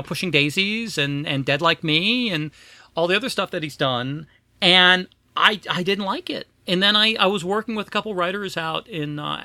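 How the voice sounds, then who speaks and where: Chatty high-voiced man hosting a podcast. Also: bright, forceful tone, dry recording. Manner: self-deprecating, chatty, many fillers. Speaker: podcast host. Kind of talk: casual podcast chat.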